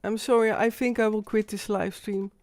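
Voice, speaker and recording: A woman's voice: medium pitch, steady tone, normal speed, darkish tone, no room sound. Woman, shaky and emotional, insistent, dry close sound, live-stream host. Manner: intense, insistent, repeats herself. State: shaken and emotional.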